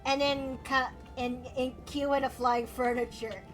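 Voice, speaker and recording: A woman's voice: high voice, flat delivery, unhurried, loud music behind the voice. A woman streaming while she draws, chatting casually, giggling and rambling with many restarts. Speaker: streamer and artist.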